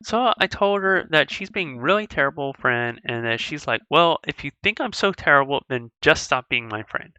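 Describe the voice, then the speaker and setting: A woman's voice: low-pitched, expressive, normal speed, few pauses, sharp tone, no echo. A woman voicing a hurt, sarcastic teenage girl in video game dialogue read aloud, dejected and self-mocking.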